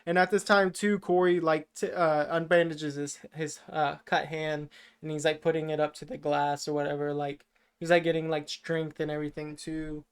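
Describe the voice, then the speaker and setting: A man's voice: fairly high pitch, flat delivery, moderate pace, clear, resonant tone. A man co-hosting a podcast, casually retelling a film plot in a rambling way, full of filler words and casual swearing. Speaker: podcast co-host. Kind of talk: casual movie recap chat.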